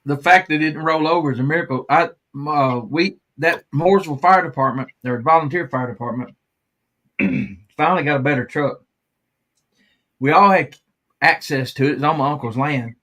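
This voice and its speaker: A man's voice: on the high side, moderate pace, fairly bright tone. A man hosting a live stream, chatting casually, rambling and laughing often.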